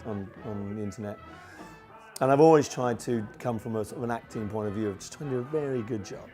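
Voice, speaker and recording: Guy in his 40s, mid pitched, rambly and chatty, lots of ums and you knows. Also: darkish tone. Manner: chatty, many fillers and restarts. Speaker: tribute act performer. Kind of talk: documentary interview.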